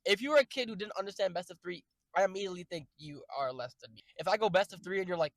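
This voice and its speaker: A young man with a notably high voice rambles through a casual stream, jumping between jokey, profane tangents and breaking into sudden loud outbursts. His voice is recorded dry and close, with no room sound. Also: racing, no echo, poor audio.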